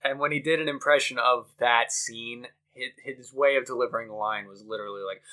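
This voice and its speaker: A man's voice: medium pitch, fairly even intonation, fairly quick, pushed and bright. A man co-hosting a casual podcast chat, rambling and laughing often as he talks. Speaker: podcast co-host.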